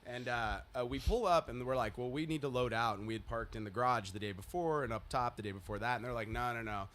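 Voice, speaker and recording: A man in his thirties, a podcast co-host telling a story in casual chat, swearing freely and loudly acting out the people in it. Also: mid-range voice, fast, slight background noise. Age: 30s.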